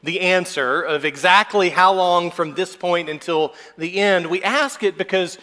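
A man in his thirties, a pastor preaching a measured, earnest sermon. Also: sits high, sharp tone. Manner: measured, earnest preaching with brief put-on whiny quotes.

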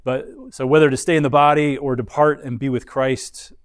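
A man's voice: mid-range voice, little pitch movement, moderate pace, dry recording, clean studio sound. A man teaching a Bible lesson in an explanatory way, often restarting his sentences. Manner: explanatory, frequent restarts and fillers.

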